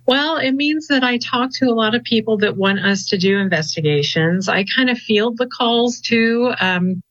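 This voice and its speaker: A woman who coordinates a ghost-hunting group, telling stories in a relaxed interview with many fillers. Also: fairly high pitch, moderate pace, dry recording, dull audio. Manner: chatty and storytelling, with many fillers. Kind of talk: casual interview chat.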